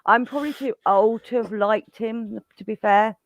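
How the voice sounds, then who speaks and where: A woman on a casual live-stream chat, blunt in her opinions and quick to laugh. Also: on the high side.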